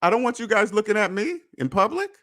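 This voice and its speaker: A man hosting a personal finance podcast in an emphatic, preachy monologue, repeating points and swearing, swinging between loud jabs and low muttered asides. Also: sing-song, fast. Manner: emphatic, preachy, repetitive, with profanity. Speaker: podcast host.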